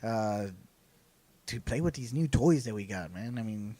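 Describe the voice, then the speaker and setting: A Texan man co-hosting a podcast, rambling with lots of fillers and sounding excited. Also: lowish voice, unhurried. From South Texas. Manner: enthusiastic, rambling with many fillers. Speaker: podcast co-host. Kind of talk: casual chat.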